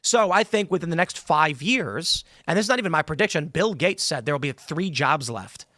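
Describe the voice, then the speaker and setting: A man hosting a talk show, arguing forcefully in a heated studio debate. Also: on the high side, lively intonation, brisk, dry recording. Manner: forceful, argumentative, acts out voices in anecdotes. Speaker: host.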